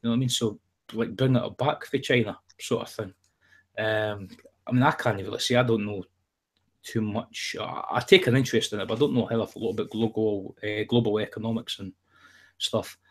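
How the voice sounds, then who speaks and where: Brief: man, husky, chatty and profane, meandering opinions. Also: lowish voice, steady tone, a little fast. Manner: rambling, profane, jokey storytelling. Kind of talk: casual chat.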